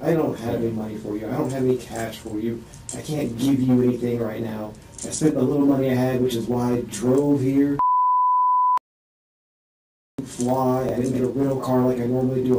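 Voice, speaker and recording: A distressed man in a police interview room rambles through a halting statement, full of restarts, his voice rising and strained. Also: medium pitch, fairly even intonation, mellow. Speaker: suspect being questioned. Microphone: distant room microphone. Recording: echoey room, distant mic, faint hiss.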